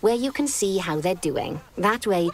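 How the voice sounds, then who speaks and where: A woman's voice: medium pitch, animated, measured pace, a little hiss or hum, close to an everyday voice. An actress voicing a cheerful, witty female zookeeper mentor who gives upbeat game tutorial instructions with dry jokes. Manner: upbeat, dryly joking instructions. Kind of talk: scripted game dialogue.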